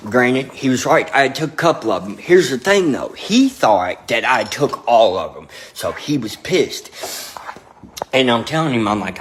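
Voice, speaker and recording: Young guy, casual storytelling, blunt and profane, mid pitch, faint background hiss. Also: animated, normal speed, a bit bright. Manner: blunt, profane, drawling storytelling with filler repetition. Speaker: storyteller recounting his past.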